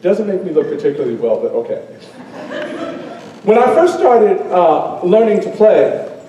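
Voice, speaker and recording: An animated man storyteller performing live in a school auditorium, playful and calling out to his audience. His voice swoops high and low with a mellow tone. The hall is very echoey and the mic sits far off. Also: normal speed, dull audio. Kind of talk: live oral storytelling with call and response.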